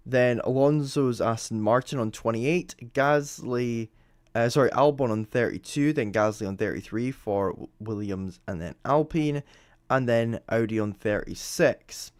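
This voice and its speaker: Young Scottish man, casual livestream commentator, mid pitch, dry close sound. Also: dry recording. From Scotland. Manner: rambling, chatty, lots of ums and self-corrections. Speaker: motorsport livestream host. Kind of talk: live commentary over timing screens.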